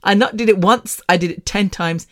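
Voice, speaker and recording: A woman's voice: medium pitch, moderate pace, heavy background noise. A woman hosting her own podcast in a casual personal monologue, frank and candid with mild swearing, rambling with frequent restarts. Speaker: podcast host.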